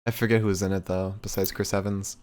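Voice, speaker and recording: A man's voice: low-pitched, flat delivery, fast, darkish tone. A young man hosting a live podcast, joking loosely, laughing easily and talking to his chat. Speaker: podcast host. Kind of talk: casual livestream podcast hosting.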